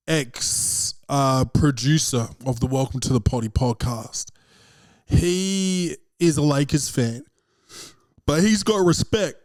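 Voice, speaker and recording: A man's voice: medium pitch, darkish tone, no room sound, studio quality. Rambling slangy man on a podcast. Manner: rambling, slangy, swears, says "bro" and "man" a lot. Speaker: podcast host. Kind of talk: casual solo podcast monologue.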